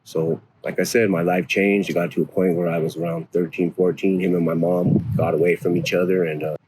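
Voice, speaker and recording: A man in his forties from North Denver, telling rough stories from his past in casual, profane street slang. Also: deep voice, level tone, fairly quick, darkish tone, slight background noise. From North Denver, USA. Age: 40s. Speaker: interviewee. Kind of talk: casual storytelling.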